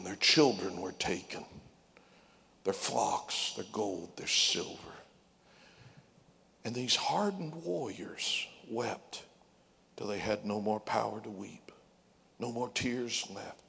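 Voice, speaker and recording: Male preacher, slow and gravelly, dramatic sermon delivery with hushed whispers. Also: on the low side. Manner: dramatic, drops to whispers and sings out scripture.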